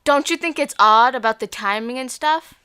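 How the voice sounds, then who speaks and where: A woman's voice: a little high, normal speed, sharp tone, smooth, no echo, studio quality. A woman co-hosting a podcast in casual chat, joking in playful, mock-threatening banter. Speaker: podcast co-host.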